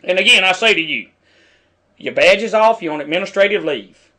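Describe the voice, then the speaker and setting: Heated high-voiced man ranting. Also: lively intonation, a little fast, sharp tone. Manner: heated, preachy, talks back at the screen. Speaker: video commentator. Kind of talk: angry commentary over a news clip.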